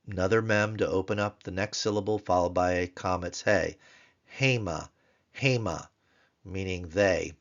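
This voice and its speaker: Low-voiced man drilling Hebrew words. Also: clean tone. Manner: wry, joking asides; repeats each word slowly to drill it. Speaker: Hebrew teacher. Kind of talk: recorded grammar lecture. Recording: dull lo-fi lecture recording.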